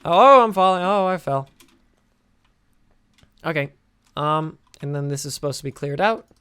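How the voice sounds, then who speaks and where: A man's voice: on the high side, expressive, unhurried, bright, forceful tone, smooth, no room sound. A young male gaming host talks casually while he builds, tired and drowsy. He rambles in a chatty way, with fillers and false starts. The sound is dry and close, like a desktop gaming mic in a dead room. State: tired and sleepy.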